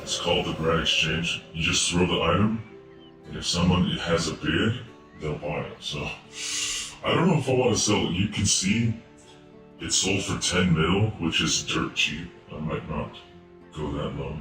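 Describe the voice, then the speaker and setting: A man's voice: sits low, moderate pace. A man streaming a game live through a voice changer, chatting casually to his viewers. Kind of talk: live gameplay stream commentary. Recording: echoey room, far from mic, game music.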